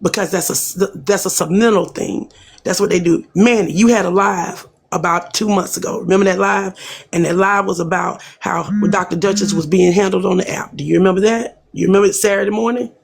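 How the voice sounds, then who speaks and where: A woman with a husky voice, a guest on a livestream, earnestly advising the host and asking repeated questions. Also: mid-range voice, brisk. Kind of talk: casual livestream talk.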